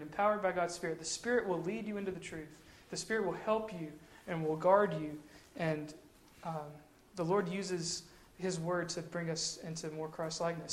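A man giving casual devotional teaching, talking in a conversational way and repeating phrases for emphasis. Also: high-pitched. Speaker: Christian teacher. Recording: echoey room.

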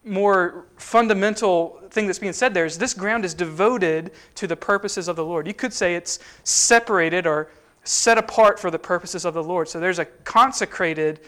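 A man's voice: high voice, moderate pace, fairly bright tone. A man teaching a sermon in a conversational way, with frequent fillers and restarts. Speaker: preacher.

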